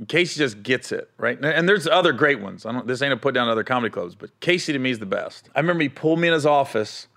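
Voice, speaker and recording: A man's voice: medium pitch, animated, fast, a bit bright. A man, a touring stand-up comic, telling road stories in casual chat, often laughing and acting out other people's voices.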